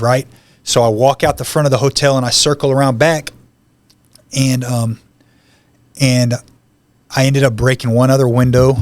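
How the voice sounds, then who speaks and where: A man telling his personal testimony as a podcast guest, in a conversational storytelling manner that acts out the lines of the people in it. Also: medium pitch.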